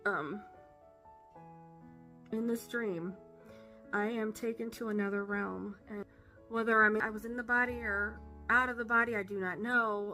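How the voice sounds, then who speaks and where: A woman giving an earnest personal faith testimony, halting with fillers and emotional. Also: mid-range voice, bright, forceful tone. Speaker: testimony speaker.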